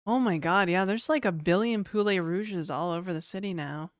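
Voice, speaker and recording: Rambling woman streamer reading chat; smooth voice, dry close mic. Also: fairly low pitch, normal speed, no room sound. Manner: rambling, chatty, reads chat aloud. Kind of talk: casual live-stream chat.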